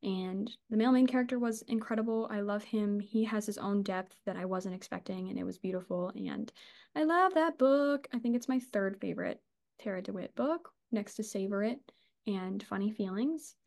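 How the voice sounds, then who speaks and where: A woman's voice: medium pitch, moderate pace, darkish tone. A woman co-hosting a casual book podcast, gushing and chatty, swearing and laughing as she talks. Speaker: podcast co-host.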